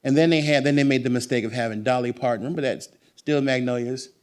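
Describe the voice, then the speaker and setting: A man talking as a guest author at a bookstore event. He is animated and emphatic, and he wanders into long digressions. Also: mid-range voice, fast talker, clean tone.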